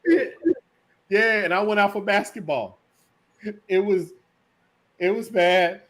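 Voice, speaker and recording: A man's voice: sits high, slow pace, fairly bright tone. A middle-aged man chatting casually on a video call, rambling, joking and laid-back.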